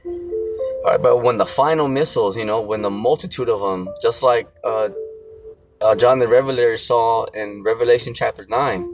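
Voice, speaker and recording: A man's voice: mid-range voice, normal speed. A man preaching a casual sermon, rambling with lots of fillers and blunt slang. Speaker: street preacher. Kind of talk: casual sermon with scripture reading. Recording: music playing behind.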